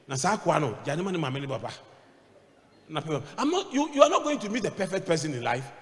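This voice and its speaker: A man with a Ghanaian accent preaching a sermon as a bishop, switching between English and Twi and swinging between shouting and quiet asides. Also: a little high, sing-song, fast talker. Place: church hall. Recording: long reverb of a church hall.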